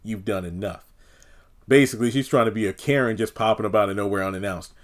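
A man's voice: lowish voice, rapid-fire. A man giving a casual, opinionated recap of a TV episode, talking loosely with lots of fillers and acting out the characters' lines. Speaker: TV episode reviewer.

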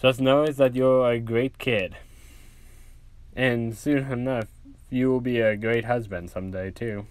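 Guy doing a soft fussy mom voice, slow and gentle, dry sound. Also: mid-range voice, fairly even intonation, clear, resonant tone, no room sound, natural voice. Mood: tender. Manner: gentle, reassuring, fussing. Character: doting loving mother, adult woman.

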